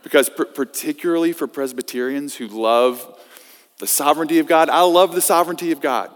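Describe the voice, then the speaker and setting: A man preaching a sermon as pastor, swinging from loud emphasis to hushed scripture reading. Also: on the high side, fairly quick. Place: church sanctuary. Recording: long reverb of a church hall.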